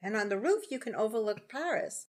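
A woman's voice: fairly high pitch, expressive, fairly quick. A woman with a New York accent co-hosts a podcast and talks casually. She tells her stories in a chatty way. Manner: storytelling, chatty. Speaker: podcast co-host. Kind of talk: casual chat.

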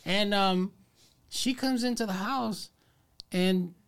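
Reflective man, slightly higher voice. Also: takes it slowly, a bit bright, smooth. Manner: reflective, filler-heavy talk. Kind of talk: casual conversation.

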